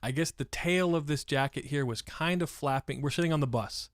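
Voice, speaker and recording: A man's voice: on the high side, fairly quick, dry recording, clean studio sound. A man from San Francisco telling a story on a live stream, rambling and swearing freely and breaking off to answer chat. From San Francisco, USA. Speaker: livestreamer.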